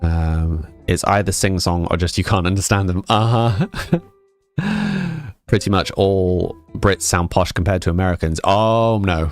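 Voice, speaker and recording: A Scottish man with a deep, unhurried voice chats casually on a stream, reading viewer comments aloud and answering them with frequent laughs. Soft music plays in the background.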